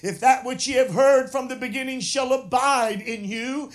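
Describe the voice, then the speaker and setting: A man's voice: very high voice, fairly even intonation, normal speed. A man preaching an expository sermon, reading scripture aloud and explaining it, with frequent "uh" fillers and passages that build to emphatic, raised preaching.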